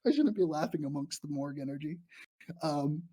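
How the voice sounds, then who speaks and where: A man's voice: a little high, animated, fairly quick, dark tone, slightly rough. A nervous man rambling and laughing as he answers viewer questions during a live stream from an abandoned morgue. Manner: nervous, rambling, giggly, self-deprecating. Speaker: YouTuber livestreaming to fans.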